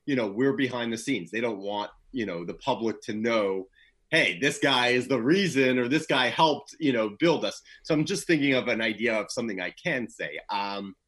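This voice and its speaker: A man's voice: mid-range voice, fairly bright tone, slightly rough. A man talking casually as an interview guest about his public relations work, laid-back and full of "you know" fillers, livening up when he tells a story. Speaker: guest, PR professional.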